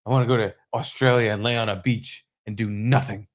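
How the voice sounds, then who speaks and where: A man's voice: lowish voice, steady tone, brisk. A male podcast co-host talks in loose, casual chat. He swears freely and jokes constantly. His thoughts ramble with restarts and asides. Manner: profane, joking, rambling.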